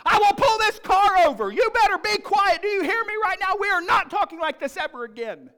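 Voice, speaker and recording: Man putting on a shrill scolding wife. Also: animated, heavily acted. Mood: exasperated. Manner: shrill, shouting, rapid-fire. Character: a scolding wife and mother, loud and exasperated.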